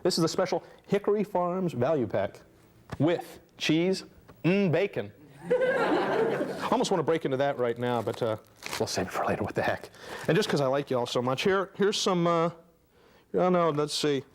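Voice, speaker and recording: A man's voice: a little high, very animated, normal speed, long pauses. A young man doing a chatty stand-up comedy routine for a student audience, laughing at his own jokes. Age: young adult. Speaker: stand-up comic host. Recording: faint noise, 1990 student TV tape.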